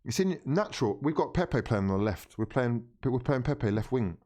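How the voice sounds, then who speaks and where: A man's voice: medium pitch, lively intonation, moderate pace, warm tone. A young man hosting a live football watchalong, commenting on the game as he reacts to it, pleading with the players, scolding them and swearing often.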